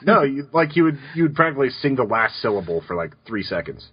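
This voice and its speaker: A man's voice: medium pitch, very animated, fast talker, husky. A man co-hosting a podcast in casual chat, laid-back and rambling as he reads listener questions. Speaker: podcast co-host. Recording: dull lo-fi podcast audio.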